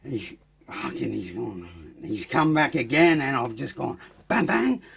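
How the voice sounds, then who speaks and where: A man with an Australian accent telling his story as a podcast guest, blunt and profane, growing animated as he acts out fights. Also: medium pitch, a little slow, gravelly. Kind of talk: casual storytelling.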